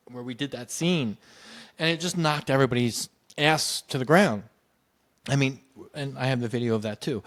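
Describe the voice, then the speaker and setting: A man recounting a personal story in a loose, conversational way. He keeps restarting his sentences and leans on "you know". He brings the story to life by jumping up in pitch to act out what other people said. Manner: animated, acts out quoted voices with big pitch jumps. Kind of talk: casual anecdotal storytelling.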